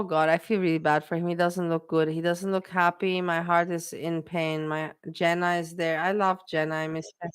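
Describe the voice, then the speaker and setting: A clear, resonant, lowish female voice belongs to a livestream host chatting casually. She is emotional and repetitive, directing her words to her chat.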